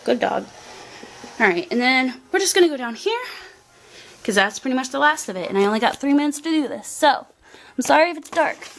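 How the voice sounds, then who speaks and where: A young woman giving a rambling, excitable tour of her art desk at home, talking into a handheld camera. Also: high-pitched, fast talker, rough recording. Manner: chatty, rambling, excitable, many fillers. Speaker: artist showing her workspace. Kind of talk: casual vlog tour. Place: home desk area, indoors.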